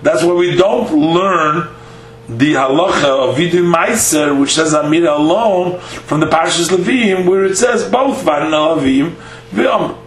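Man teaching Talmud in an echoey room. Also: fairly high pitch. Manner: reads Aramaic lines then explains, with halting fillers. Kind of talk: Talmud lesson, translating aloud. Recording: echoey room with faint hum.

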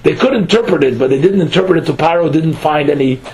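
A man's voice: fairly high pitch, a crowd in the background, low-quality recording. A man teaching a text study class. He reads phrases aloud with a pronunciation, translates them line by line, and often halts and restarts. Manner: halting, with frequent restarts.

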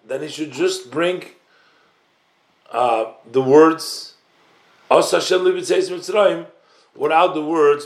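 A man teaching a text study class, reading Hebrew phrases and explaining them in English. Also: fairly high pitch. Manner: unhurried, careful explaining. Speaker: Torah teacher.

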